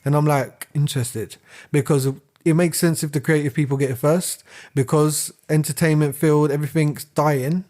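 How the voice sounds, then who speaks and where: A man's voice: on the high side, steady tone, moderate pace, few pauses, a little mellow. A man, co-hosting a casual podcast, rambling and laughing as he rants. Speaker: podcast co-host. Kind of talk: casual chat.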